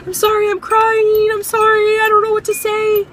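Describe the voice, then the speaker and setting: An overwhelmed young fan apologizes again and again, tumbling over her words, as a woman imitates her. The voice is high and bright, rushed and jittery. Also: little pitch movement, slight background noise. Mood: flustered, apologetic. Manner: apologizing breathlessly, flustered.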